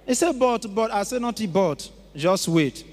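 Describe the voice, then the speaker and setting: A man giving a testimony to a church congregation in short, measured phrases. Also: sits high, animated, a little mellow. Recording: echoey large auditorium.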